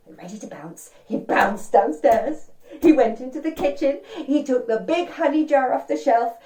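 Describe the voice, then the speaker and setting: A woman's voice: high voice, lively intonation, moderate pace, mellow, a little hiss or hum. A woman telling an interactive story to children, speaking directly to young listeners and inviting them to join in. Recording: roomy and distant.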